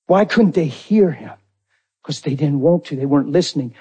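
Husky, dramatic male preacher. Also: moderate pace. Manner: dramatic, swinging from loud exclamations to hushed low lines. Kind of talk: sermon.

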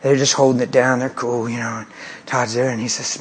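A man preaching a sermon, telling a story with acted-out voices, moving between hushed tones and shouts. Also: mid-range voice, fairly quick, husky. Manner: animated, acts out voices, swings from hushed to shouting.

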